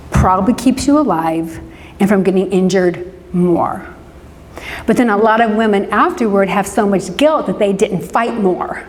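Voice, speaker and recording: In a hall with long reverb and a bit of background noise, a woman from the American Midwest talks about forgiveness as a counselor. Her mid-range voice carries a conversational, interactive lecture, punctuated often by "right?" aimed at the live group.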